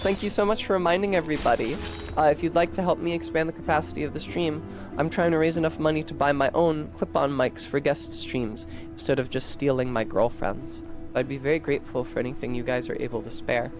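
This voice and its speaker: A man with a somewhat high voice and a light Philadelphia tinge to his vowels chats away while streaming a game. He info-dumps freely and swears casually. Soft game music plays faintly underneath. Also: a little fast.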